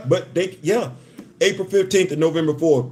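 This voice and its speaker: A man's voice: a little high, a little slow, background noise. A man in his fifties hosting a casual live stream, laughing often, restarting sentences and turning heartfelt. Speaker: livestream host.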